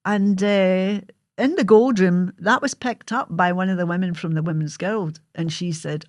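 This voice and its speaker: A woman's voice: lowish voice, steady tone, normal speed, a little mellow, dry recording, clean studio sound. A Scottish woman hosting her own show, telling a personal story in a vivid, blunt way and swearing freely.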